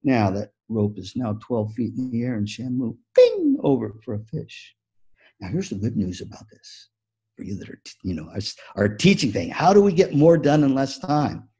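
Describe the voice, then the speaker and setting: A man giving a motivational keynote talk on music teaching, an animated storyteller who acts out the story. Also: mid-range voice, moderate pace, slightly rough. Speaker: music education speaker.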